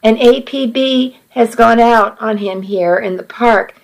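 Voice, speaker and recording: A woman reading a story, voicing a calm man who speaks in a gentle, soothing way. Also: on the high side, measured pace, vocal fry, low-quality recording. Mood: reassuring. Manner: soothing, steady. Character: calm reassuring man, a friend.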